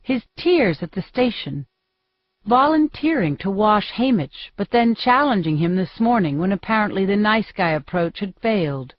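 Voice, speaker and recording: A woman reads an audiobook in first person, in a steady, measured voice at a middle pitch. The recording is very dry and a little muffled. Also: no room sound. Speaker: audiobook narrator.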